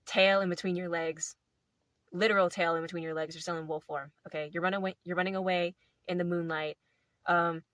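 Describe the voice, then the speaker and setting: A woman's voice: fairly low pitch, a bit bright, no echo. A young woman casually telling a playful story to camera, rambling with lots of filler words. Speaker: video host.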